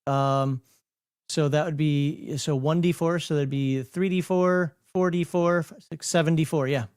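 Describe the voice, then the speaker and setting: A man with a Minnesotan accent talks through game rules on a casual livestream. His voice sits a bit high and sounds dry and close. He rambles, corrects himself mid-thought and laughs often. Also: steady tone, unhurried, a little mellow, smooth, dry recording. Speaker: host explaining game rules.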